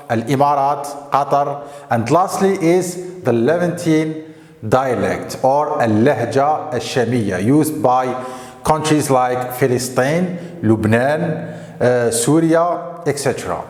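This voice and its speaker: Man, slow careful teacher, voice rings in a roomy echoey space. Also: fairly high pitch, a little mellow. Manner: slow and deliberate, with frequent "okay?" check-ins. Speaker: Arabic teacher. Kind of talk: explaining to camera. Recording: echoey room with long reverb.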